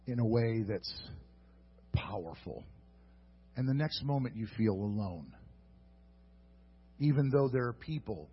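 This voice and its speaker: A man preaching slowly and deliberately, his voice somewhat husky. He is earnest, swinging between hushed reflection and fervent urging. The audio is dull and lo-fi. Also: medium pitch. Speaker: pastor. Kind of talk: sermon.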